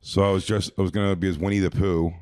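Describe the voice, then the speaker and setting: A man's voice: deep voice, little pitch movement, quick pace, darkish tone, dry recording. A man telling a long, rambling story in casual chat, full of fillers and restarts. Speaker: podcast host telling a story.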